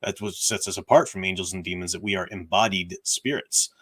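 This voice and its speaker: A man with a somewhat low voice hosts a casual livestream, explaining his views in an earnest, thinking-aloud way. His voice is tired and strained. He answers viewer questions at length. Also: fairly quick, sharp tone. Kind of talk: casual livestream commentary on faith and fiction.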